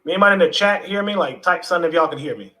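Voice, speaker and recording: On a casual livestream, a man with a slightly high voice races along, and the recording quality is low. He's relaxed and chatty, talking loosely to his viewers, responding to the chat, and swearing casually now and then.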